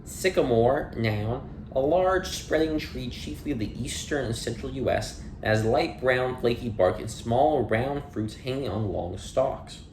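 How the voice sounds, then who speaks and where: A man's voice: medium pitch, expressive, a little slow, hardly any pauses, darkish tone, reverberant, slight background noise. A man reading dictionary entries aloud one by one, with plain delivery, dry asides and small playful slips. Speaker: audiobook reader.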